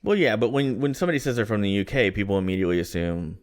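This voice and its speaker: A man's voice: lowish voice, very fast. A man co-hosting a podcast, chatting casually and rambling a bit with lots of "like" and "man". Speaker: podcast co-host. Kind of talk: casual chat.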